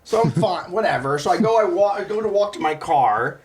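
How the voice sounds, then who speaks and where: A man's voice: sits high, animated, fairly quick, distant mic, slight background noise. A young man co-hosting a casual comedy podcast, telling a rowdy story with lots of swearing and laughter. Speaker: podcast co-host.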